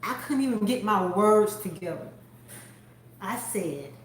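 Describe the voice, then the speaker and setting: A woman hosting a faith-based chat, telling a story with animated delivery and acting out the people in it. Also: medium pitch, measured pace, pauses often, slight background noise. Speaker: host. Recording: echoey room.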